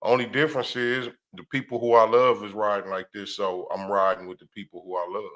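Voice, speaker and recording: Relaxed man talking in an easy, measured way. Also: on the low side. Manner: relaxed, measured, says "you know what I mean" a lot. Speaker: co-host or guest. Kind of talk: casual political talk.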